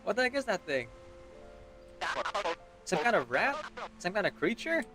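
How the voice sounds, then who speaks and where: A goofy male streamer plays through a story game, reading its dialogue aloud with playful voices. His voice sits high and swoops all over the place, with game music loud behind him. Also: big pitch swings, moderate pace. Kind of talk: casual game commentary and dialogue read-aloud.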